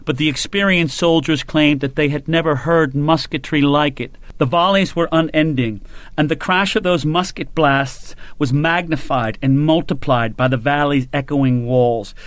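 A man's voice: on the high side, normal speed, fairly bright tone, dry recording. Man narrating an audiobook, dry close sound. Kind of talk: scripted narration.

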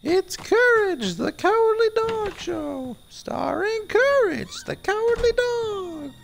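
A man putting on a high, strained, whiny cartoon announcer voice. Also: big pitch swings, takes it slowly, vocal fry, a little hiss or hum, exaggerated voice. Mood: announcing.

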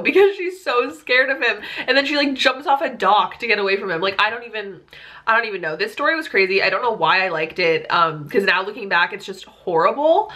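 A woman's voice: medium pitch, pushed and bright. A woman in her twenties chatting casually to camera as a book vlogger, peppering her talk with "like" and amused disbelief. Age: 20s.

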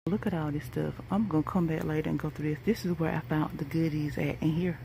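A woman chatting excitedly to her viewers in a casual vlog, at times speaking from farther off the mic. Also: deep voice, quick pace, vocal fry, few pauses, noisy background. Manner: excitable, addresses viewers as y'all. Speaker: couponing vlogger. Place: inside a store, then at home.

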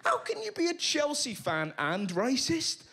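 A man's voice: very high-pitched, measured pace, vocal fry. A man doing a stand-up comedy routine, telling stories and acting out other people's voices. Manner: animated storytelling, acting out voices. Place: comedy venue before a live audience. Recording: live show with loud crowd laughter.

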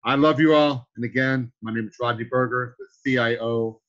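A man's voice: mid-range voice, fairly even intonation, normal speed, a bit bright. Effusive man hosting a team call. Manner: effusive, calls people sir and brother. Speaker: host of a weekly team training call. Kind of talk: motivational conference-call hosting. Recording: slightly muffled call audio.

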